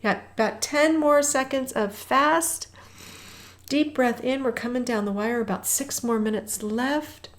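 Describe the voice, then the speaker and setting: In a slightly high voice and at a slightly slow pace, a woman in her fifties hosts a walking workout as a health coach. She chats and announces intervals while walking, occasionally sounding a little breathless.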